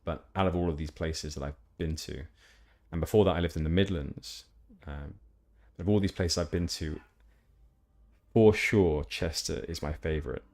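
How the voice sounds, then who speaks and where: A man's voice: a bass voice, normal speed, darkish tone. A young man from Hampshire, England, chatting casually with viewers while streaming a game, rambling with many fillers and restarts. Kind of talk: casual gameplay chat with viewers.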